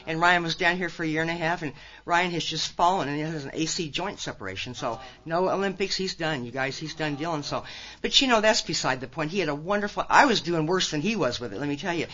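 This is a dull lo-fi recording of an older woman from Nebraska giving her personal story at a recovery conference. Her voice is deep and a touch bright, she talks fast, and her folksy storytelling is sprinkled with punchy remarks to the audience.

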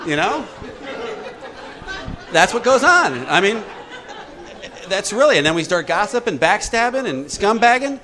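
Animated man leading a group talk. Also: sits high, normal speed, crowd noise. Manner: lively, jokey, acts out voices. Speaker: recovery workshop speaker.

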